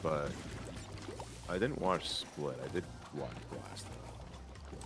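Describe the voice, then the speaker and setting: Low-voiced rambling man on a stream. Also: slow, noisy background. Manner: rambling, swearing, laughs often. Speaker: podcast co-host. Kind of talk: casual late-night stream chat.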